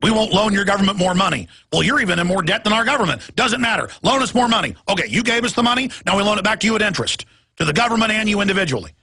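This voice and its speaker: Brief: male political talk host, gravelly and sharp-toned, ranting and repeating himself. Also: high voice, animated, rapid-fire. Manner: heated, repetitive, ranting, at times yelling. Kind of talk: political talk show rant.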